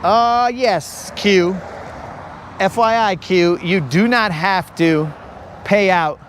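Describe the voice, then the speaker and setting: Here a young male host chats casually on a lakeside fishing livestream, wandering from one joking story to the next. The voice is high, slow-paced and a bit bright, with a little background noise.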